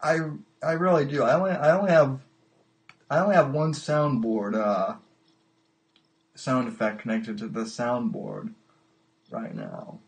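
A man hosting a casual livestreamed call-in podcast, talking in a halting way and repeating his words. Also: mid-range voice, creaky. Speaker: podcast host.

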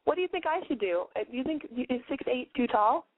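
A woman with a hoarse voice hosting a call-in radio show, chatting in a brash, profane and playful way. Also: high-pitched, animated, quick pace, no room sound. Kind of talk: casual call-in radio chat. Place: bedroom, on the floor. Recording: dry, phone-like narrow sound.

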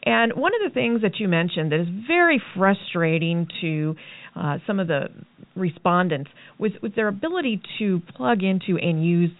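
A woman hosting a business radio talk show, speaking in a measured, conversational way as she interviews a guest. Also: lowish voice, sing-song, dry recording. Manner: measured, conversational, brief backchannel replies. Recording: phone-like narrow sound, dry, faint music.

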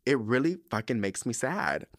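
A man's voice: mid-range voice, very animated, moderate pace, no room sound, clean studio sound. A man hosting a podcast, talking in a candid, chatty way with frequent slang and profane asides. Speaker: podcast host. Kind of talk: casual chat.

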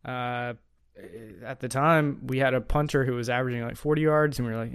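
A man hosts a casual sports podcast with a smooth, resonant voice. He talks in quick bursts, full of fillers and restarts, over a dry, close mic. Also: mid-range voice, steady tone, dry recording. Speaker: podcast host.

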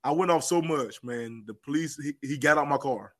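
A man telling a story as a podcast guest, animated, and repeating phrases for emphasis. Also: a little high, normal speed. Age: adult with children. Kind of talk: casual storytelling.

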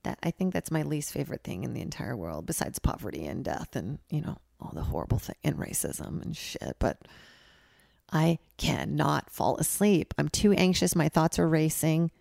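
A young woman with a low, gravelly voice rambles through a casual solo podcast in a hotel room. She mocks herself and breaks into loud, high-pitched bits. The sound is close and dry. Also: lively intonation, moderate pace, no room sound. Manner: loose, rambling, self-mocking, swings into loud high bits. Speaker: podcast host. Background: ice machine outside.

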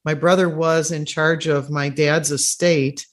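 Host, slow and unhurried, mid-pitched, conversational storyteller. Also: fairly even intonation. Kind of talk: interview conversation.

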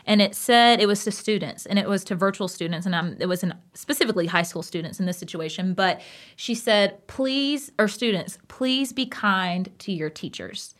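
A woman's voice: mid-range voice, moderate pace. Passionate woman with a twang. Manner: emphatic, passionate, animated storytelling. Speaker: podcast co-host. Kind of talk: casual podcast chat.

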